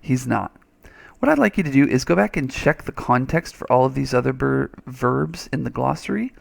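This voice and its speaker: Gravelly-voiced man teaching a reading lesson. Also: mid-range voice, expressive, moderate pace. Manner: chatty, thinks aloud, playful sound effects. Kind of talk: screen-recorded reading lesson.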